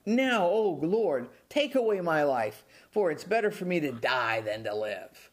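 A man's voice: a little high, very animated, measured pace. A man voicing an irritated, sulking male prophet who complains and pleads with God.

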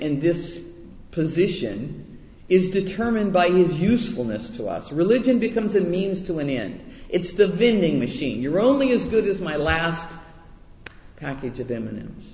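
A man delivers a conversational sermon in a high, animated voice, often restarting words as he goes. The sound carries a long reverb from a large hall and comes through dull and muffled. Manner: chatty, self-deprecating, restarts words often. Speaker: preacher.

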